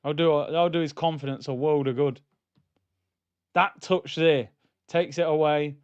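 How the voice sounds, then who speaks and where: Male watchalong host, fired-up match banter, a bit high, slightly muffled dry mic. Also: unhurried, clear, resonant tone, no echo. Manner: excitable, banter-heavy, shouts at goals. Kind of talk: live match watchalong commentary.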